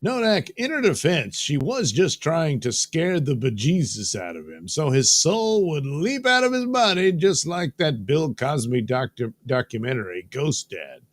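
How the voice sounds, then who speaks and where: A man's voice: fairly high pitch, sing-song, a little slow, hardly any pauses, dry recording. A man hosting a live show in a casual, joking way, reading viewer comments aloud and tossing in silly voices. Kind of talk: casual live-stream chat. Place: studio.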